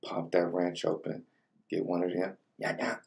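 Gravelly low-voiced young man vlogging. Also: monotone, normal speed, darkish tone, distant mic. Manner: laid-back slang-heavy chatter between bites. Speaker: mukbang vlogger. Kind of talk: casual food vlog. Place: home room with colored lighting.

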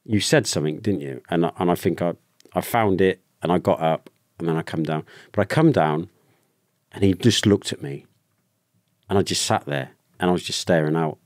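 A British man with a low voice shares his experiences openly, pausing and restarting as he goes. The recording is close and dry, with no room sound. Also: no echo. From United Kingdom. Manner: open, emotional, halting with restarts. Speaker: guest, ex-soldier. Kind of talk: candid personal storytelling.

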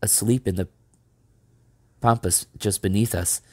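A man's voice: fairly low pitch, fairly even intonation, unhurried, dry recording. A man voicing a cocky, fearless boy who never grows up, boastful and breezy, in a storybook reading.

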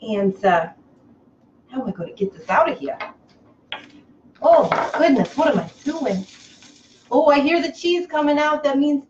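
A woman hosting a comic live cooking show from a kitchen, over-the-top excitable, breaking into squeals and gushing. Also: high voice, moderate pace, pauses often. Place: home kitchen. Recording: echoey kitchen, slightly dull, faint hiss.

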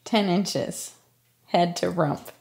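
A young pregnant woman chatting casually in a home vlog, tired but playful and quick to laugh. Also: lowish voice, gravelly, a little mellow. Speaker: vlogger and mother of two toddlers. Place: family home kitchen. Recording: noticeable background noise, clicks.

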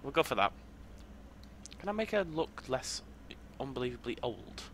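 A man's voice: medium pitch, big pitch swings, normal speed, fairly bright tone, a little hiss or hum. A man commentating his gameplay in a chatty way, thinking aloud as he plays. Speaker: gaming YouTuber.

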